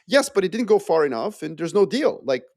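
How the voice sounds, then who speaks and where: A man, a podcast guest, explaining his view with animated storytelling and playful asides. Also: high-pitched, fairly quick, vocal fry, no room sound, studio quality. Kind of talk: casual geopolitical discussion.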